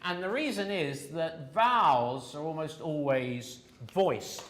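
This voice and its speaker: A man's voice: a little high, slow pace, a bit bright, reverberant. A man teaching a pronunciation class, patiently explaining sounds step by step and drilling his students. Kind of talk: classroom lesson.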